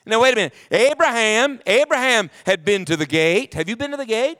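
Male pastor, high resonant voice; preaches with sweeping dynamics, drops to a hush. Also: sing-song, a little fast, hardly any pauses, smooth. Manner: preaching with sweeping swings in volume, dropping to near hush. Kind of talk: sermon. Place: church sanctuary.

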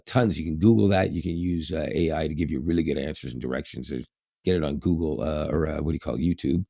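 A man with a very low, gravelly voice chats casually as a podcast co-host. He rambles, fills pauses with "uh" and "um", and laughs often. The sound is dry and close to the mic. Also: mellow, no echo. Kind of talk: casual chat.

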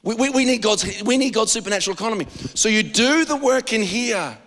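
A man with an Australian accent preaching a sermon as pastor, animated and joking, with frequent restarts. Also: sits high, brisk, in a large hall.

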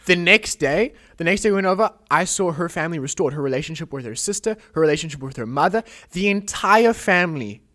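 A young man with a fairly high voice tells a faith testimony on a podcast. He speaks earnestly and with animation, acting out the prayers he recalls. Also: fast, few pauses. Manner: earnest, animated storytelling, quoting prayers aloud. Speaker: podcast host. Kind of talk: emotional testimony in a casual chat.

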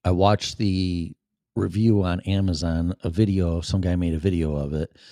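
A man's voice: low-pitched, fairly even intonation, normal speed, mellow, dry recording, clean studio sound. A man with a Chicago accent hosting his show in a rambling, profane, offhand monologue. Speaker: show host. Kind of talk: casual livestream monologue.

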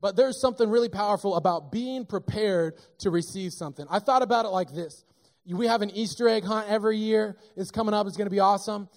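A man preaching a sermon in a church, talking in a lively, conversational and joking way. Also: high voice, fast talker. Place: church sanctuary.

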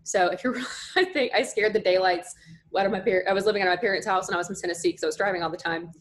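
A young woman talking casually, her voice sitting at an ordinary middle pitch. She chats freely and tells her stories with energy, sprinkling in plenty of "like.". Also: fast. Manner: chatty, lots of "like" fillers, animated storytelling. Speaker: podcast guest. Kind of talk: casual chat.

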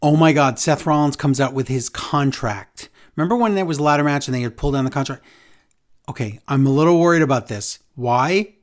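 A man co-hosting a podcast, recapping a show in casual chat, with sarcastic, exasperated asides. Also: fairly high pitch. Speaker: podcast co-host.

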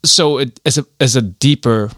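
A man co-hosting a casual podcast, talking fast and excitedly, cursing now and then. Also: medium pitch, dry recording, studio quality. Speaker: podcast co-host. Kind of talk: casual chat.

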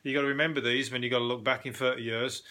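A British man hosting a casual news podcast, ranting and joking in an animated, sweary way with laughing asides. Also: mid-range voice, very fast. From Britain. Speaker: podcast host.

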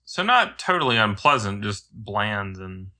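A man's voice: lowish voice, sing-song, a little slow, pushed and bright. A man casually and sarcastically commenting while playing a video game with a friend. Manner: dry, sarcastic, crude jokes. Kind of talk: casual let's-play banter.

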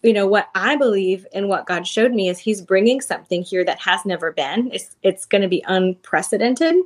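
A woman's voice: mid-range voice, moderate pace. A woman in her thirties, a podcast guest, telling a personal faith story in casual, earnest talk full of fillers. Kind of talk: casual testimony.

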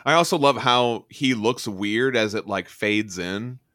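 A man's voice: lowish voice, a little slow, no echo, clean studio sound. A man casually chatting about a comic book, retelling scenes and acting out the characters' lines. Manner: animated, retells the story and acts out lines. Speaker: comic book podcast co-host. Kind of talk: casual chat.

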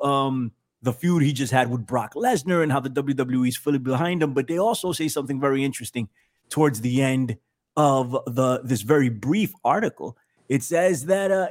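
Animated, jokey male podcast host. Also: on the high side. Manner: animated, jokey, laughs often. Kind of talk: casual wrestling chat.

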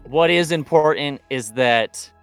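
A man voicing a smug male hacker who poses as a digital god, speaking in a calm, matter-of-fact way. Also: a little high, slow pace, soft background music.

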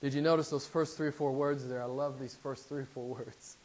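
A male pastor preaching a sermon from the pulpit, repeating key phrases and swinging between loud emphasis and near-whispers. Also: medium pitch, steady tone, fairly quick, low-quality recording. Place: church pulpit.

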